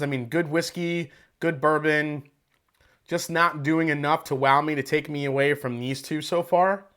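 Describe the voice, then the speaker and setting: A man with a slightly high voice chats loosely through a casual livestream from home. He rambles as he thinks aloud and curses freely. His wireless mic sits close and picks up every aside. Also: fairly bright tone. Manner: loose, chatty, rambling, swears and laughs easily. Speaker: whiskey reviewer hosting a livestream. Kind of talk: casual livestream tasting chat. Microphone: wireless microphone with battery pack.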